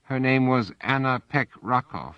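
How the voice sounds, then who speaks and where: An injured woman prisoner and informer, guarded and calculating, dizzy and in pain, as a male narrator puts her on a few steps above his own pitch. She forces her words out in strained gasps, and the dull, dry recording keeps it close and muffled. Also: expressive, unhurried, clear, resonant tone, dry recording, lightly acted.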